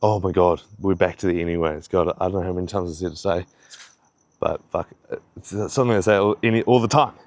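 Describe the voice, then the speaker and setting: Slightly breathless, a young man on a fitness vlog rambles through a heavily profane pep talk. He speaks a little fast in a low, darkish voice, recorded with no room sound.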